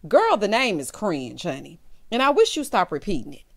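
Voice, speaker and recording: A woman recapping a reality show in sassy, animated commentary, laughing loudly and calling her viewers honey and child. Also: mid-range voice, moderate pace.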